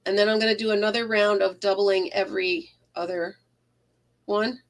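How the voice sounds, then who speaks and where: A woman's voice: medium pitch, fairly even intonation, normal speed. A woman chatting casually on a home crochet livestream, rambling, laughing often and greeting viewers by name. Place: craft room at home.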